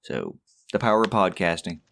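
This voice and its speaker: A man's voice: sits low, big pitch swings, moderate pace, gravelly, fairly bright tone, a little hiss or hum. A man co-hosting a casual podcast, rambling along with stammered restarts and little chuckles. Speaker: podcast co-host.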